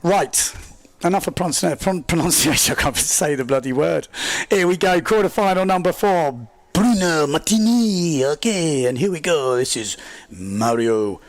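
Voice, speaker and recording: Man, livestream sports commentator, fairly high voice, chatty, self-deprecating, excitable. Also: normal speed, no echo. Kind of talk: live race commentary and reading chat.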